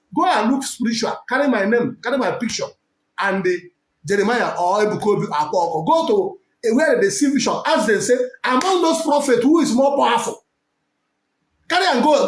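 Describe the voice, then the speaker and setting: A man with a Nigerian accent preaching forcefully as a prophet, switching between English, Pidgin and Igbo. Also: very high-pitched, lively intonation, brisk. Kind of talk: preaching to camera. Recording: echoey room.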